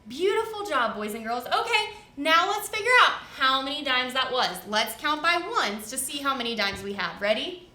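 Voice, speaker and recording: A woman's voice: high-pitched, lively intonation, normal speed, sharp tone, reverberant. A woman teaching a first grade lesson in a sing-song, encouraging way, talking to children. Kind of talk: televised classroom lesson. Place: studio set.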